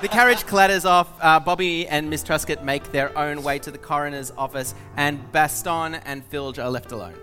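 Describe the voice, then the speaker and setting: A man's voice: fairly high pitch, normal speed, few pauses. Man running a tabletop game, music behind. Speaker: game master.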